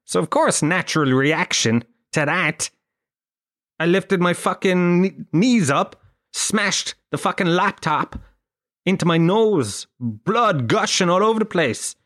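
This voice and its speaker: An Irish man in a solo comic monologue, his voice sitting a bit higher than most men's. He rambles through anecdotes, swears freely and mocks himself with dry asides. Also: expressive, takes it slowly, fairly bright tone. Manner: profane, self-mocking storyteller. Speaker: podcast host.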